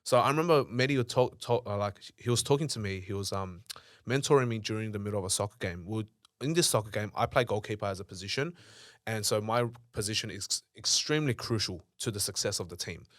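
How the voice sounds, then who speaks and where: Young aussie guy, low voice, talks fast, swears a lot, bursts up loud when acting out arguments. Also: no echo, studio quality. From Australia. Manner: swears freely, acts out past arguments in a raised voice. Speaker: podcast guest, entrepreneur. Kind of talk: casual interview storytelling.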